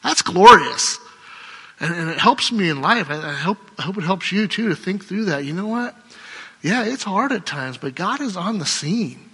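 A man's voice: high voice, lively intonation, normal speed, bright, forceful tone, slightly rough, in a large hall. A man preaching a sermon in a conversational, emphatic way, full of rhetorical questions. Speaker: pastor.

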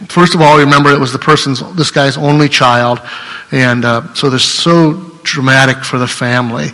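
A man's voice: mid-range voice, fairly even intonation, fairly quick, sharp tone, in a large hall, low-quality recording. A pastor preaching an earnest, conversational sermon, often restarting his sentences.

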